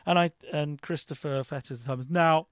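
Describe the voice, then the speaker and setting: A man's voice: a little high, quick pace, no room sound, studio quality. A man, a guest in an interview, telling a rambling, self-deprecating story with frequent restarts. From London, England. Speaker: actor and director guest. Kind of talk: casual interview chat.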